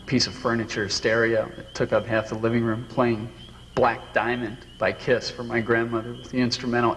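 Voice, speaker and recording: A man's voice: medium pitch, fairly bright tone, far from the mic. A male voice recalls a story casually, wandering between thoughts. A long reverb trails his words, and faint noise hangs in the background. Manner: loose, rambling storytelling. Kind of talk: casual reminiscing.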